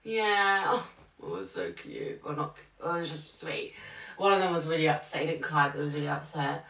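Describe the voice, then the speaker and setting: A young woman chats on a podcast about her teaching job and slips into the voices of the people in her stories. Her voice is low and gravelly. She sits back from the mic in an echoey room. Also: lively intonation, normal speed, a bit bright, distant mic. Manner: chatty storytelling, acting out what others said. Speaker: podcast co-host and primary school teacher. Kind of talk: casual podcast chat.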